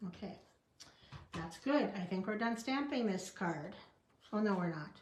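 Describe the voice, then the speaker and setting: A woman's voice: mid-range voice, lively intonation, unhurried, echoey room, slight background noise. A woman demonstrating card stamping in a chatty tutorial, talking to herself as she works. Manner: chatty, talks to herself while working, small laughs.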